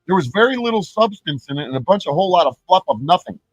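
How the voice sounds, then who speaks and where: A man's voice: high voice, big pitch swings, fast talker, no echo, faint music behind, low-quality recording. A man ranting on his live stream, profane and rambling, who often restarts his words.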